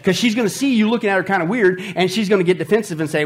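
A man with a high-pitched voice preaches a sermon as pastor. He jokes with the congregation and keeps repeating phrases for emphasis. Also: racing, few pauses.

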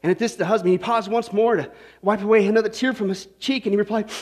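A male pastor preaching a sermon, telling a joke and then driving into scripture with lively energy. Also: sits high, quick pace. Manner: energetic, joking storyteller preaching.

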